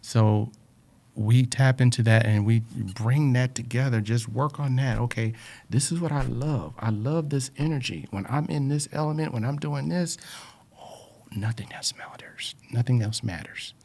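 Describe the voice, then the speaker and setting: A man's voice: medium pitch, moderate pace, creaky, warm tone. A man in a reflective personal talk, speaking earnestly about life lessons and often repeating words, emotional with a drying throat.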